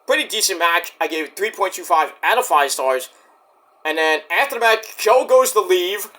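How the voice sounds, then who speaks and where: A man recapping a wrestling show in a casual, excitable rant, swearing often. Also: sits high, moderate pace. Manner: excitable, profane, storytelling rant.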